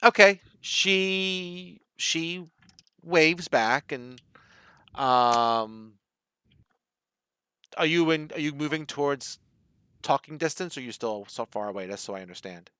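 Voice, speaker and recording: A man's voice: fairly high pitch, slow, pauses often, bright, forceful tone, smooth. A man narrating as game master of a tabletop game, rambling with many fillers. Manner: rambling, many fillers like "you know" and "right".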